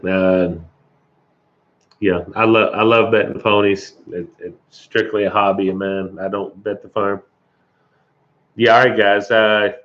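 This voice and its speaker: Greeting viewers by name and chuckling along, a middle-aged livestream host keeps the chat casual, with an occasional cough. His voice is lowish and a bit bright, and the stream audio sounds dull and lo-fi.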